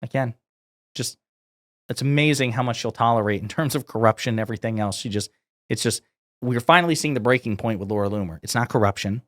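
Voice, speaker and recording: A male political commentator with a mid-pitched voice, sarcastic and indignant as he reacts to quotes. He is recorded close on a dry mic with no room sound. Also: fast talker, dry recording.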